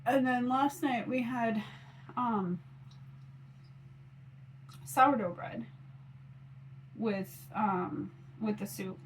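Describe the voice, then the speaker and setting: A woman's voice: a little high, steady tone, drawn-out words, long pauses, slight background noise, poor audio. A woman in her forties chatting casually on her phone camera while doing her makeup, rambling with lots of fillers. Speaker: mom vlogger.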